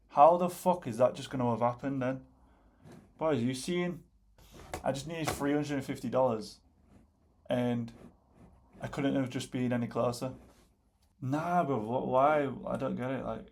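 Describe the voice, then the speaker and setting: A man's voice: medium pitch, measured pace, gravelly, long pauses, a little mellow. A young British man giving casual, slangy, swear-heavy commentary on his live trades, exasperated by near misses. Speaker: day trader.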